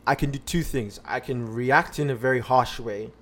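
A man's voice: mid-range voice, moderate pace, fairly bright tone. Rambling, filler-heavy man telling a story. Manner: rambling with many fillers and restarts. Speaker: podcast guest telling a personal story. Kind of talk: casual conversational storytelling.

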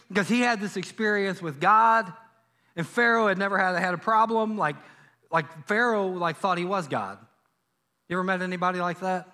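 Man, pastor, sermon, animated storytelling, slightly high voice, bright tone. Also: moderate pace. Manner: animated storytelling, acts out biblical dialogue. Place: church sanctuary.

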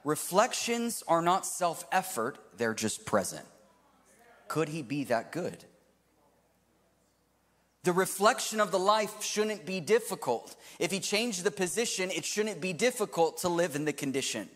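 A man in his thirties preaching a sermon to a live congregation, swinging from loud to hushed. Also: high-pitched, big pitch swings, unhurried, in a large hall. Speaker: pastor. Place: church hall with live audience.

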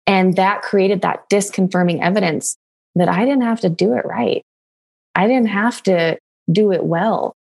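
A young adult woman telling a personal story in casual conversation, candid and animated, laughing often and swearing casually. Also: medium pitch, unhurried, creaky.

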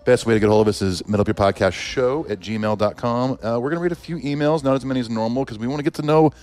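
A man's voice: medium pitch, very fast, darkish tone. A man co-hosting a podcast in easygoing casual chat. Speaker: podcast co-host.

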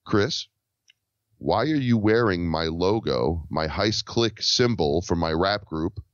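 Man guest, low voice, lively storyteller who acts out dialogue, dry and dull lo-fi sound. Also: slow pace, no echo. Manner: animated, acts out quoted dialogue. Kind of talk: casual storytelling.

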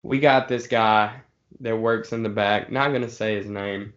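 A man's voice: on the low side, steady tone, fairly bright tone, lo-fi sound. A man telling a rambling story to friends in a casual, swearing way. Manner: laid-back, swearing, drawn-out pauses.

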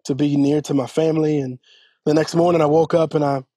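A man with a husky, slightly high voice tells his own story in an interview. He talks earnestly and haltingly, often restarting his sentences. The recording is close and dry. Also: little pitch movement, warm tone, no room sound. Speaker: church elder and podcast guest. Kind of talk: personal testimony in an interview.

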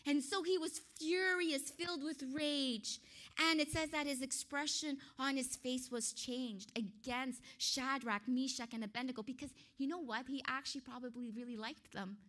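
A woman delivering an earnest, emphatic sermon. Her voice sits high and sounds bright and forceful. She often stops to correct herself with a light, self-conscious laugh. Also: steady tone, moderate pace. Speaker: preacher.

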